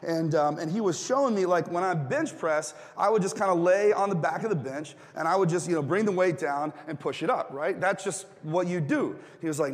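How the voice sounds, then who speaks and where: Joking pastor in a reverberant hall. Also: male voice, high voice, fairly quick, few pauses. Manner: casual, joking, asks the congregation questions. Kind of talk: sermon. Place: church hall.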